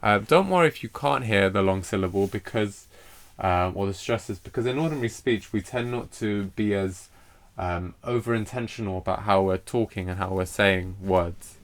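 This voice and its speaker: A man teaching a recorded poetry lesson, hesitant and full of fillers as he explains meter. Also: lowish voice. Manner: hesitant, lots of fillers and restarts; reads poetry lines aloud slowly with stress.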